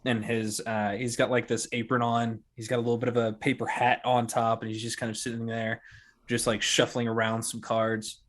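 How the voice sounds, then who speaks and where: A man narrating a tabletop role-playing game as game master, in a relaxed, hesitant way with many fillers. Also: medium pitch, moderate pace.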